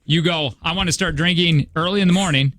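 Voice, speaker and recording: A man's voice: a little high, fast, fairly bright tone. A man in his thirties hosting a morning radio show, rambling through stories in casual chat. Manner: rambling storyteller, chatty. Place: radio studio. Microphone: studio microphone.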